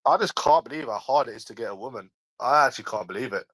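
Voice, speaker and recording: Talking fast in a medium-pitched, husky yet slightly bright voice, this London-accented host in his early twenties is heard on a low-quality recording without room sound. He fields chat on his casual livestream argumentatively and defensively, full of slang and repetition.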